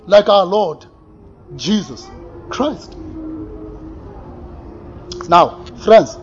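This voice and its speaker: A man preaching a sermon, animated, swinging between loud exclamations and quiet asides with frequent laughs. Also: high-pitched, extremely slow, faint music behind. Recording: slightly dull recording with faint room ambience.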